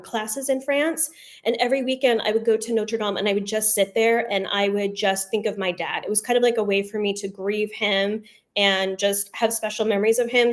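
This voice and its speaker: A woman who founded a fragrance brand, hosting a live launch stream and chatting openly with viewers. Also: a little high. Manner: chatty, emotional, addresses viewers as "you guys". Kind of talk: casual live-stream chat.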